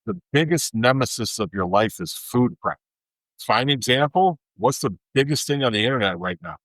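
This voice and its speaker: A man's voice: mid-range voice, lively intonation, normal speed, fairly bright tone, no room sound, rough recording. A man hosting a podcast, talking in an emphatic, worked-up rant. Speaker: podcast host. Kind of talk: casual chat.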